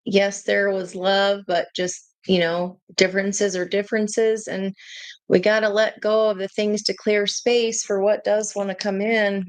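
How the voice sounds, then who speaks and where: A woman giving a casual tarot reading to her viewers, chatty and excitable, breaking into gushing exclamations. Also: medium pitch, dry recording. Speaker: tarot reader.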